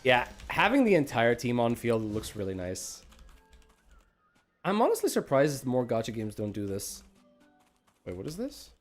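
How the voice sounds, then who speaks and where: A man's voice: mid-range voice, huge pitch swings, moderate pace, soft background music. Guy rambling thru a game stream, pokes fun at himself, voice bounces up n down a lot. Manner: rambling, self-deprecating, thinks aloud. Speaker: gaming livestreamer. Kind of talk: casual live gameplay commentary.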